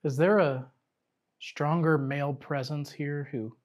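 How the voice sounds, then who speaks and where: Man calmly questioning spirits. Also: a little high. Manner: slow, coaxing questions, drops to a whisper at times. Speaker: paranormal investigator. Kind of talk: questioning spirits during a ghost hunt. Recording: noisy night recording.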